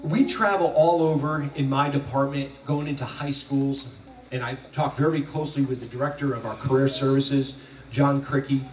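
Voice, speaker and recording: A jokey graduation speaker tells stories in an echoey hall, loose in manner and often restarting. His voice is mid-range, picked up by a distant mic with a little hiss or hum.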